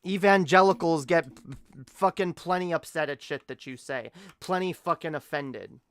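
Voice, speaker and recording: A man's voice: fairly high pitch, moderate pace, smooth. A man streaming a reaction commentary, ranting with lots of swearing and stammering.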